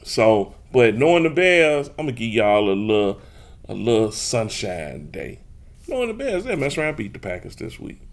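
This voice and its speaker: A man's voice: lowish voice, wildly swooping pitch, moderate pace, creaky. A man from hosting a sports talk show, teasing rival fans in a boastful, casual way and speaking straight to his listeners. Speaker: podcast host. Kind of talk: trash-talking casual sports chat.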